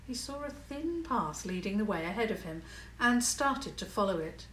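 A woman narrating a children's story in a calm, measured way. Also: medium pitch, echoey room, recorded from a distance, a little hiss or hum, rough recording.

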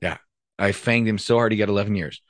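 A man's voice: fairly low pitch, fairly even intonation, fast talker, no echo. A man, a former police officer, telling a story from his career in a blunt, profane, casual way. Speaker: retired police officer, podcast host.

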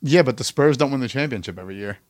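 A man's voice: medium pitch, animated, rapid-fire, dry recording, studio quality. A young man from New Jersey with a Jersey accent, co-hosting a podcast in loose, swearing chat with friends. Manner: loose, swearing, laughs often. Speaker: podcast co-host. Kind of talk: casual chat.

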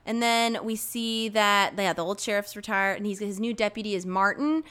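A young woman co-hosting a casual talk show, recapping a movie with animated retellings and acted-out quotes. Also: medium pitch, moderate pace. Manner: animated, acts out scenes in quoted voices. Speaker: podcast co-host.

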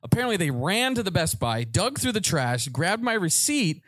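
Male podcast host, comic storyteller, fairly high voice with big swings in pitch, dry close sound. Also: moderate pace, no room sound. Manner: animated, acts out voices in his anecdotes. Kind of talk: comedic storytelling before a live audience.

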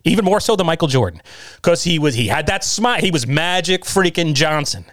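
A man on a casual chat show, ranting with emphasis and calling out to the audience. His voice sits a little higher than most men's, and the recording is dry and close with no room sound. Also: lively intonation, a little fast, fairly bright tone, no room sound. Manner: emphatic, ranting, talks straight at listeners.

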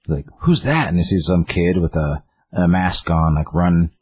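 A man's voice: low voice, little pitch movement, normal speed, slightly rough, no echo. A man casually retelling a story's plot in a rambling way, with lots of fillers and quoted lines.

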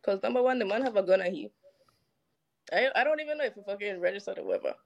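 Animated island-woman telling a story. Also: mid-range voice, quick pace, creaky, lo-fi sound. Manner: animated, profane, acts out quoted dialogue. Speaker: guest. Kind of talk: casual storytelling.

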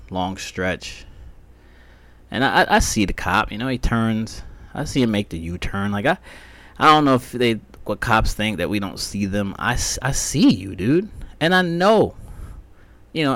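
A man telling a story from his own life in a loose, profane monologue, acting out both sides of each exchange. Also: mid-range voice. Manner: profane, animated, acts out both sides of the talk. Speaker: podcast host.

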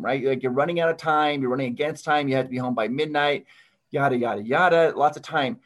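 Guy on a podcast, kinda high voice, animated storyteller. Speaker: podcast guest. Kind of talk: casual chat.

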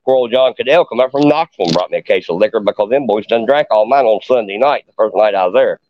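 A man's voice: fairly low pitch, fast talker, no room sound. A middle-aged man, a podcast guest telling a long story in a boastful, profane hillbilly way. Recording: dull lo-fi podcast audio.

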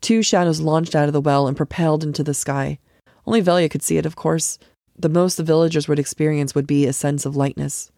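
A woman narrating a fantasy novel chapter in a measured storytelling voice. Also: low voice, fairly even intonation, gravelly, mellow, no echo, studio quality. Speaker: author narrator. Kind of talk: audiobook narration.

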